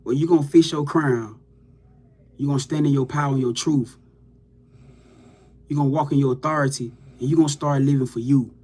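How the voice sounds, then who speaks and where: A man's voice: medium pitch, steady tone, fairly quick, long pauses, warm tone. A man giving a loose, profane, hyped-up motivational pep talk to his viewers as a livestream host.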